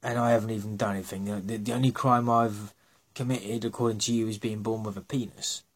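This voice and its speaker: Husky man ranting bluntly. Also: on the low side, steady tone, fairly quick. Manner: blunt, scornful and sarcastic, with swearing. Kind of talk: casual opinion rant.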